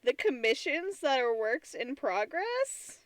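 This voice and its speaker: A woman's voice: high-pitched, sing-song, slow, dry recording, pitched above the performer's own voice, exaggerated voice. A woman voicing her resentful old home computer in a put-on foreign accent, with broken, indignant phrasing. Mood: taunting. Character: resentful aging home computer, proud and wounded.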